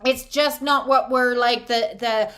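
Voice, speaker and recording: A woman's voice: a little high, fairly even intonation, measured pace, a bit bright. A middle-aged woman giving a casual spiritual card reading, chatty and blunt, swearing freely and laughing often. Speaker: oracle card reader.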